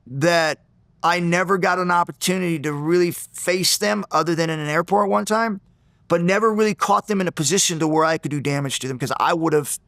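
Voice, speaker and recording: A man being interviewed, retelling an old grudge in an intense, animated way with many restarts. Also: fairly high pitch, no room sound. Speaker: interview guest, former fighter. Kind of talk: storytelling in a sit-down interview.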